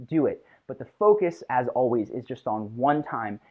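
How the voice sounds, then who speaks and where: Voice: medium pitch, lively intonation, normal speed. A confidence coach talking listeners through a guided self-improvement exercise in a casual, conversational way, often checking in with "right?". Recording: tinny phone-like sound.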